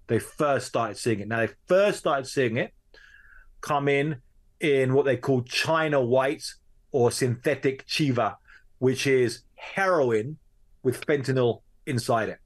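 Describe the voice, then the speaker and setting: A man, a journalist guest, telling a story in a conversational interview, his pace swinging between quick bursts and slow, drawn-out stretches. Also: medium pitch.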